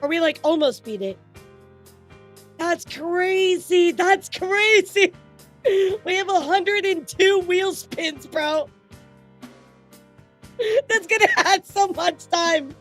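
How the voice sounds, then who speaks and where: A young woman streaming live, excitedly thanking viewers, laughing often and swearing. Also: extremely high pitch, slow, faint music behind.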